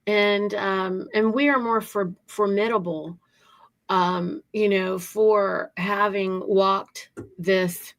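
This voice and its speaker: A woman co-hosting a casual talk, speaking haltingly and searching for her words. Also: medium pitch, steady tone. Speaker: co-host. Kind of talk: casual conversation.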